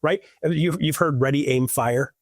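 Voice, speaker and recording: A man chatting as a podcast guest, rambling and restarting his sentences as he goes. His voice sits a little high and sounds husky. The sound is dry, with no room echo. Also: normal speed. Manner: loose, rambling talk full of restarts and "like". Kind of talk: casual podcast chat.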